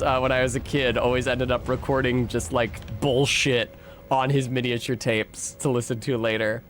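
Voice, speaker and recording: A young American man streaming a game, chatting casually and swearing often while he answers his chat and rambles between fights. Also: medium pitch. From United States.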